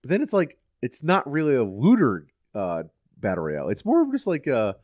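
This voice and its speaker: A man's voice: medium pitch, wildly swooping pitch, a little fast, a little mellow, no echo, clean studio sound. A young man co-hosting a casual gaming podcast, giving blunt, emphatic opinions. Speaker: podcast co-host.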